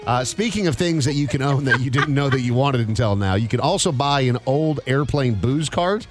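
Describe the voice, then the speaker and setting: A man's voice: medium pitch, expressive, normal speed, faint music behind. A man hosting a radio morning show, reading quirky news items in joking, casual banter.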